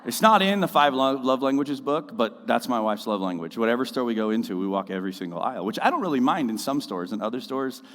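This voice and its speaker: A man's voice: medium pitch, expressive, fast talker, hardly any pauses, fairly bright tone. A man preaching a casual, conversational sermon as the pastor of his church, joking and slipping into mocking voices. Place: church auditorium. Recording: reverberant church hall.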